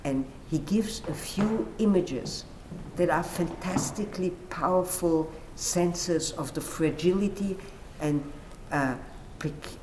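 Animated, unhurried woman explaining literature. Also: on the low side, noisy background. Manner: animated, acts out quoted dialogue. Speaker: literature commentator. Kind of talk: conversational explanation.

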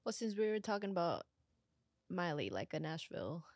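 A woman's voice: on the low side, very animated, moderate pace, a little mellow, no room sound. A woman guest on a podcast in casual chat, laid-back and a little hesitant, in a studio.

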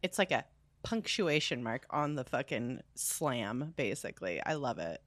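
A woman co-hosting a podcast, reacting to gossip in an animated, casual chat. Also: extremely low pitch, unhurried, no room sound.

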